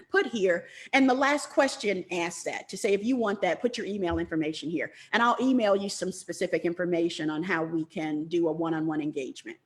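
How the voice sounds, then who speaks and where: A woman, hosting a live money-teaching stream in a warm, chatty way. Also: mid-range voice. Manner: warm, chatty, emotional, tearing up with laughter. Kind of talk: live social media teaching session. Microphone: phone or webcam in a live stream.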